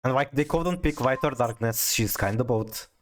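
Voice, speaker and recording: Speaking in a mid-range voice at a moderate pace, a man chats with his audience during a card game stream, with a little hiss or hum on the recording. He's talkative, reads the chat out loud, and tends to stammer whenever he starts a sentence over.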